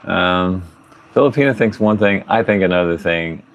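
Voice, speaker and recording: Male host, very low and gravelly, loose rambling livestream chat, chuckles a lot, faint outdoor hiss. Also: moderate pace, highs cut off. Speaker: podcast host. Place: outdoors at a tiny home under construction, pigs nearby.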